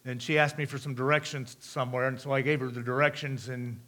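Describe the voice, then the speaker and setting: A man's voice: medium pitch, little pitch movement, fast, a bit bright. A middle-aged American man giving a missions talk to a congregation in a conversational way, asking the audience questions and repeating their answers back. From United States. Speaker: missionary speaker.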